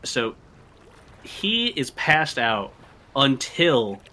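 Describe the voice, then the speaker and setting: A man narrating a tabletop game as game master, in a relaxed way with frequent fillers. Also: medium pitch, very slow.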